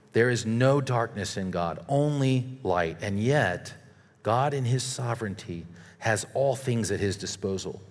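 A male preacher delivering an earnest sermon, reading scripture aloud and warning his listeners. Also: medium pitch. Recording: long reverb of a large hall.

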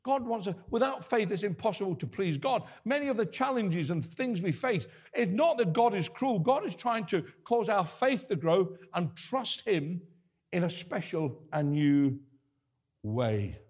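Animated older male preacher. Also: high voice, a little slow. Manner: earnest, conversational preaching with restarts. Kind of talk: sermon.

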